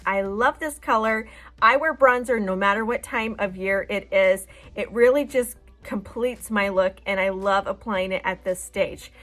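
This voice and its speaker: A woman's voice: a little high, a bit bright. A woman hosting a makeup tutorial, explaining each step in a chatty, reassuring way. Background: faint background music.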